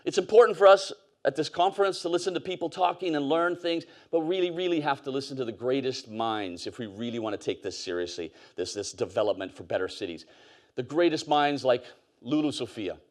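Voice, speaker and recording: A man tells stories from a conference stage. His delivery is loose and conversational, with plenty of fillers and asides, at an ordinary, mid-range pitch. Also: lively intonation, a little fast. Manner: conversational, storytelling, with fillers and laughs. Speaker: conference speaker. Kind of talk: conference talk.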